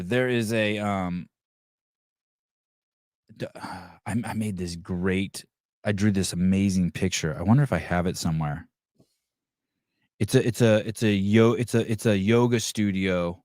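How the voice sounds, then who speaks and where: A man's voice: lowish voice, steady tone, measured pace, a little mellow, dry recording, studio quality. Profane mocking podcast host man. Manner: profane, mocking, mimics whiny voices. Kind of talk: crude comedic rant to live chat.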